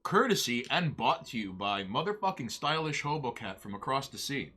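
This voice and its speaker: A man with a bright, sharp voice cracks crude jokes and rambles to his chat during a casual crafting livestream. He talks at an easy middle pitch, drifting between asides while he paints. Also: sing-song, normal speed, slightly rough. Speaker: livestream co-host.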